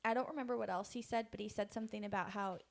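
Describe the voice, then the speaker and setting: A woman's voice: medium pitch, steady tone, very fast, vocal fry. A woman co-hosting a podcast in an easygoing book chat. She moves the conversation from point to point and laughs lightly along the way. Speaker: podcast co-host. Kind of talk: casual book discussion.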